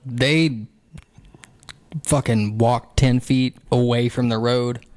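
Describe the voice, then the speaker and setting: A man's voice: mid-range voice, fairly even intonation, slow, darkish tone. Dry, teasing podcast man. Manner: dry teasing remarks, swears casually. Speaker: podcast co-host. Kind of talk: casual chat.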